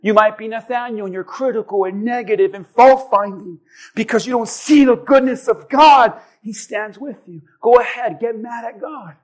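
A man with a very high voice preaches to his church. He swings between shouting and dropping to a near hush. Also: fairly even intonation, moderate pace. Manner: swings between shouting acted disciples and soft hushed assurance. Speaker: pastor. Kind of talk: sermon.

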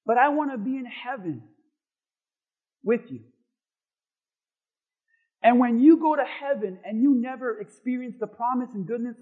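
A man preaching a sermon as pastor to a congregation, swinging between loud shouting and quiet, chatty asides. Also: very high voice, phone-quality sound. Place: church sanctuary before a congregation.

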